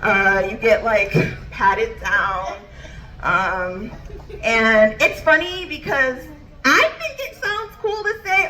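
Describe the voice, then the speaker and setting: A woman's voice: on the high side, lively intonation, slow, bright, forceful tone, slight background noise. A woman comedian telling a standup story, bubbly and laughing as she goes.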